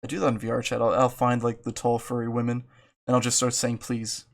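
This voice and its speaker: A man's voice: medium pitch, monotone, fast, creaky. A man casually commenting while reading a visual novel aloud, playful and self-mocking. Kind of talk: casual let's-play commentary.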